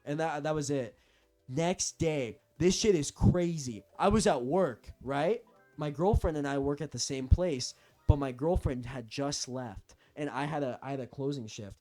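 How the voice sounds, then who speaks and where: A man's voice: a little high, unhurried, a little mellow, faint music behind. A young man telling a personal story in a casual rant, profane, rambling and agitated. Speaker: storytelling vlogger.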